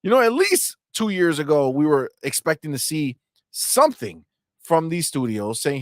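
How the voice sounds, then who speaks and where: A man's voice: on the high side, sing-song, normal speed, no echo, studio quality. A man co-hosting a gaming podcast in casual, heated banter, swearing freely and talking animatedly.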